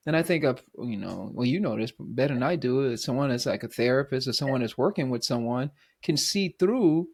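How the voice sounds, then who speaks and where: A man hosting a podcast, talking reflectively in a thoughtful, halting way with many restarts. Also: medium pitch, animated, breathy edge. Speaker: podcast host. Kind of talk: reflective conversation.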